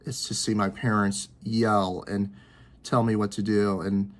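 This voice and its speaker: A man in his early twenties talking to camera from his bedroom, rambling and repeating himself with halting restarts. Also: fairly low pitch, flat delivery. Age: 20s. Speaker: vlogger. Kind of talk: personal talk to camera.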